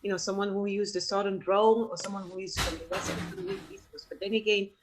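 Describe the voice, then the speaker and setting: A woman's voice: medium pitch, animated, fast talker, background noise. A woman with a French accent moderating a panel discussion, thoughtful and often restarting her sentences.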